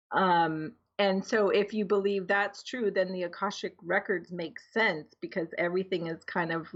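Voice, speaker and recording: A woman's voice: lowish voice, fairly bright tone, dull audio. A woman, an energy healer and guest, talking casually and laughing easily, with many ums and you-knows. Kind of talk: casual interview talk.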